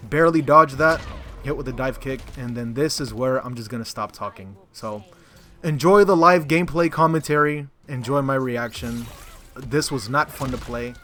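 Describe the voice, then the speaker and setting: A man's voice: mid-range voice, fairly bright tone. A young man giving profane, frustrated commentary over his own fighting game match footage. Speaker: gaming content creator.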